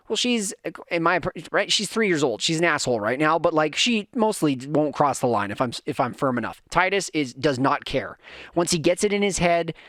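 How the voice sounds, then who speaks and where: In studio-quality sound free of room noise, a man in his thirties hosts a podcast, his voice a bit bright and on the high side. His casual rant is a rambling story where he keeps correcting himself and imitates his kids.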